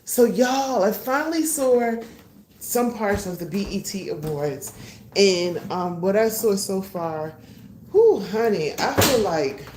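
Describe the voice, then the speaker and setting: A chatty woman with a fairly low voice hosts a casual livestream from her home kitchen. She talks animatedly and greets her viewers. The room is echoey and she sits back from the mic. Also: far from the mic, noisy background. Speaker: livestream host. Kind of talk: casual chat.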